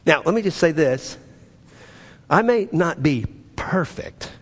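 A male pastor preaching a sermon, emphatic, swinging from urgent high peaks to low, quiet asides. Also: animated, slow, husky. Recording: long reverb of a large hall.

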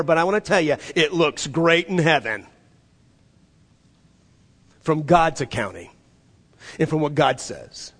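A male pastor preaching a sermon to his church and leading the congregation in call-and-response, moving between loud emphatic passages and hushed, soft ones. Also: on the high side, sing-song, unhurried. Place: church sanctuary. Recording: long hall reverb.

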